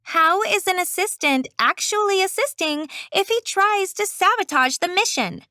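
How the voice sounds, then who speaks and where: A woman's voice: extremely high pitch, expressive, moderate pace, bright, forceful tone, dry recording, clean studio sound, voice pushed up, full character voice. A woman voicing a curt young fairy godmother who speaks tersely. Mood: irritated. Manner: terse, complaining.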